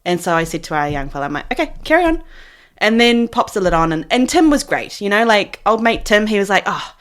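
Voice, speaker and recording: A woman co-hosting a podcast, chatting casually and acting out what people said in an animated way. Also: medium pitch, brisk. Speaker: podcast co-host. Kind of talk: casual chat.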